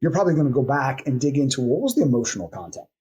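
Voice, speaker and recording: A man's voice: mid-range voice, very animated, darkish tone, slightly rough. A man who is a coaching expert, explaining his method in a podcast interview and reeling off strings of coaching questions. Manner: acts out client replies in quick asides.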